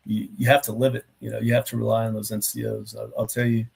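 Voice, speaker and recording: A man's voice: on the low side, completely flat delivery, fast, vocal fry, a little mellow, slightly rough. A middle-aged man, a retired army officer and guest, talks reflectively over a video call, with plenty of filler phrases. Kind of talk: casual interview chat.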